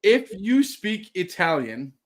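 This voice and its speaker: Animated playful male co-host. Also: high-pitched. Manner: animated, playful, quick to laugh and cheer. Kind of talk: casual chat.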